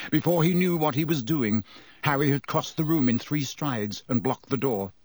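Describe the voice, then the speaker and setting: A man narrating an audiobook in a measured, expressive way. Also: medium pitch, no echo.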